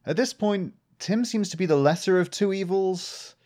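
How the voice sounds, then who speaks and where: A man's voice: high voice, normal speed, a little mellow. Dry-witted man co-hosting a podcast. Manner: dry, joking commentary. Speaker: podcast co-host. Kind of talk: casual film discussion.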